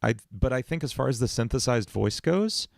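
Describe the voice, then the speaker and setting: A man's voice: medium pitch, animated, fairly quick, creaky, dry recording. A man hosting a casual livestream from his home studio, thinking aloud as he writes song lyrics and answers chat questions. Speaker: musician and livestream host.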